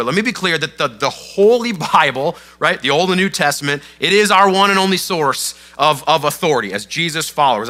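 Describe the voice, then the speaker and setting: A man preaching to his congregation in a conversational, animated storytelling way, with casual asides. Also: on the high side. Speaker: pastor. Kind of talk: sermon.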